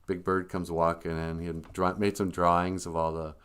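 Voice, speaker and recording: A man's voice: deep voice, little pitch movement, moderate pace, fairly bright tone, clear, resonant tone. A man hosting a livestream, telling rambling, jokey stories in casual talk. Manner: rambling, jokey, acts out voices. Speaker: livestream host. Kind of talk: casual comic storytelling.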